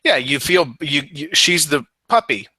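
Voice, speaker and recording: A man's voice: fairly high pitch, expressive, unhurried, sharp tone, no room sound. A man co-hosting a wrestling podcast in casual chat, joking and swearing, sometimes mimicking people in silly voices. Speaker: podcast co-host.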